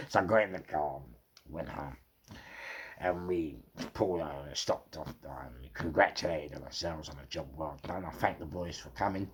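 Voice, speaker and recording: A middle-aged man with a London accent telling rough stories casually, swearing heavily and repeating words for emphasis. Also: extremely low pitch, moderate pace, pushed and bright. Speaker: storyteller. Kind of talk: casual storytelling.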